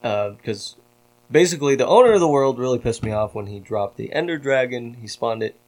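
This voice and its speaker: A man's voice: medium pitch, expressive, brisk, a little mellow. A man hosting a podcast in casual chat, telling a story in a profane and worked-up way. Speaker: podcast host.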